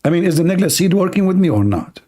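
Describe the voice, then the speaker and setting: A man hosting a livestream, speaking sarcastic, mocking broken English and swinging between loud outbursts and exaggerated slow, soft talk. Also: high voice, very animated. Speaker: livestream host. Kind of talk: livestream debate commentary.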